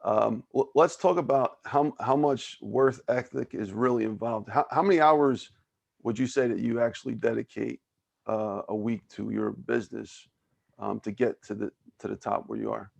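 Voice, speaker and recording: A man's voice: mid-range voice, normal speed, vocal fry. A man with a Philadelphia accent hosting a podcast interview, asking friendly questions and often restarting his sentences. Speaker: podcast host. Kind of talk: casual interview.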